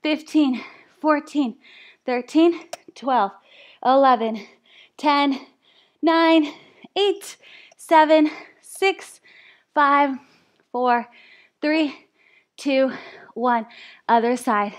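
A woman's voice: sits high, very slow, pauses often. A young woman fitness instructor coaching a live workout class, out of breath, counting reps and cheering people on. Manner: counts reps aloud, upbeat encouragement.

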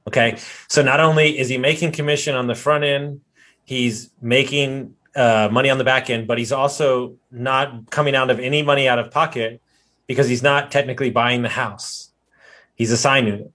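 A man hosting a podcast interview, recapping points for his listeners and repeating them slowly for emphasis. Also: mid-range voice, steady tone, a bit bright. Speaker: podcast host.

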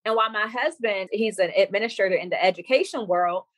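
A woman's voice: medium pitch, fast, no room sound. A young woman, a guest on a podcast, telling her own story in casual chat and acting out what others said. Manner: lively storyteller who acts out quoted dialogue. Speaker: podcast guest, women's coach.

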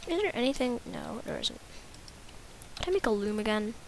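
A woman's voice: fairly high pitch, huge pitch swings, normal speed, gravelly, darkish tone, slight background noise. A woman giving casual, rambling, self-mocking commentary while playing a video game. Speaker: gaming YouTuber.

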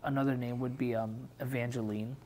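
A man's voice: medium pitch, little pitch movement, fairly quick, a little mellow, a little hiss or hum. Laid-back young man chatting, laughing easily. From Pacific islands heritage, Filipino. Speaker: podcast co-host. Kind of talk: casual chat.

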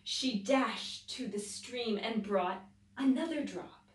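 A woman teacher reading a picture book aloud to children, pausing to explain things as she goes. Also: fairly high pitch. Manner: slow, expressive storytelling with explanatory asides. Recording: roomy echo, voice from a distance.

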